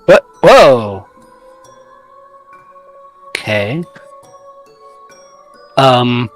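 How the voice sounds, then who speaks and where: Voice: mid-range voice, big pitch swings, extremely slow, dry recording. Let's play host, casual rambling commentary, faint game music underneath. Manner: rambling, talks to self while playing.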